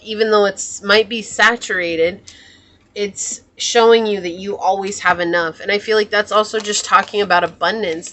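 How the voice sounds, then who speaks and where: A woman giving a pick-a-card tarot reading in a musing, soft-spoken way, often trailing off and correcting herself. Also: mid-range voice. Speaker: tarot reader.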